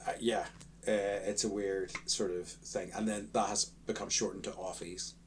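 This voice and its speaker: A man's voice: fairly low pitch, little pitch movement, moderate pace, a little hiss or hum. Laid-back Irish man chatting. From Ireland. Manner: rambling, chuckling explanations. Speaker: podcast co-host. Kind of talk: casual podcast chat.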